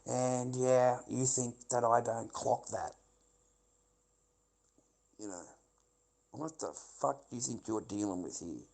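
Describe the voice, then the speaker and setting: A man's voice: mid-range voice, animated, unhurried, gravelly, pauses often, a little mellow, low-quality recording. A middle-aged man, giving a rambling, bitter and heavily profane livestream monologue that loops back on the same points.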